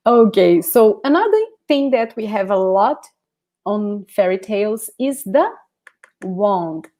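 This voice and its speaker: A woman's voice: medium pitch, warm tone. A Brazilian woman whose first language is Portuguese, teaching a live online language lesson with a Brazilian Portuguese accent, repeating words patiently for practice and reading viewer comments aloud.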